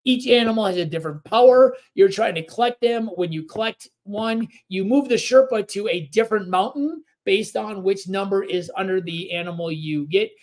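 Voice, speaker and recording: A man co-hosting a casual board game podcast, explaining rules in a relaxed, rambling way with plenty of fillers. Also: sits high, normal speed, hardly any pauses. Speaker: podcast co-host.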